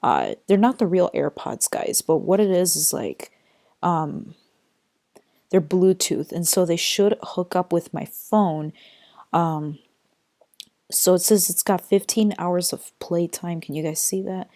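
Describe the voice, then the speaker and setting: Chatty young woman, low voice, dry. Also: expressive, takes it slowly, mellow, dry recording. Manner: chatty, rambling, many fillers and apologies. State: tired. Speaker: vlogger. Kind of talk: casual unboxing vlog. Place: bedroom. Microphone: built-in computer mic.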